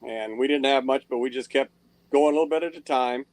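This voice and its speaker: Male guest, modest matter-of-fact talker, mid pitch, dry recording. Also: a little fast, darkish tone, no echo. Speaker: guest puller. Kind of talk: casual interview answers.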